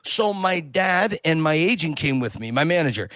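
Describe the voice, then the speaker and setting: A man guest on a podcast, telling a long story in a casual, animated way and acting out the people in it. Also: on the high side, moderate pace, dry recording. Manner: animated, acts out quoted voices.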